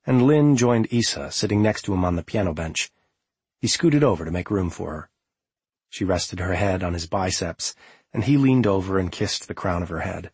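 Audiobook narrator, male, very husky, lowish voice, calm and measured, dry close mic. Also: no room sound.

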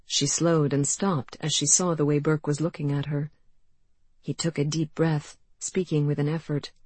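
Brief: woman audiobook narrator, low, dark and husky, dry close mic. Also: flat delivery, normal speed, no room sound. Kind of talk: scripted narration.

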